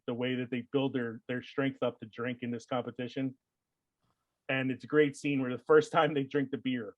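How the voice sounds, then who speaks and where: A man's voice: mid-range voice, no room sound, muffled recording. A man hosting a casual podcast chat, rambling with lots of fillers and frequent laughs. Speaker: podcast host.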